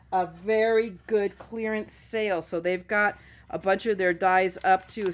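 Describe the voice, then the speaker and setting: A woman chatting casually at home in a craft haul video, goofy and self-mocking as she shows her finds. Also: mid-range voice. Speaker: craft vlogger.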